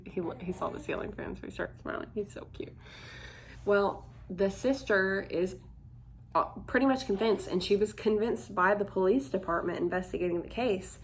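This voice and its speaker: A woman's voice: medium pitch, creaky, slight background noise. A young woman vlogging to camera in casual chat, candid and chatty, full of "like" fillers.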